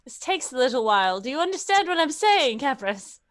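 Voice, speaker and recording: Woman playing a quiet, guilt-prone young sister. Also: sits high, very animated, brisk. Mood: urgent.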